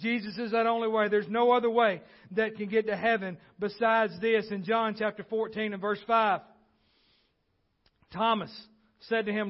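A man preaching a sermon, repeating key phrases and swinging between loud points and quiet asides. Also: high voice, fairly even intonation, normal speed, lo-fi sound. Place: church.

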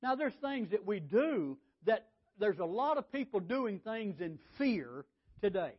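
High-voiced preacher, folksy. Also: male voice, sing-song, measured pace, breathy edge. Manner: folksy, conversational preaching with repetitions. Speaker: pastor. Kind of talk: sermon. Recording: dull lo-fi sound.

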